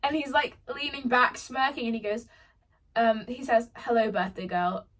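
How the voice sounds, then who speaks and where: A woman's voice: high-pitched, steady tone, normal speed, a bit bright. A young woman who is a book vlogger, chatting casually to camera at home in a bubbly, gushing way. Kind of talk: casual vlog talk to camera.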